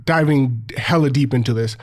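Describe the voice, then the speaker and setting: A man's voice: mid-range voice, normal speed. A man and former football player co-hosting a casual podcast, telling profane stories with a laugh and a slightly nasal voice. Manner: laughing, profane, animated storytelling.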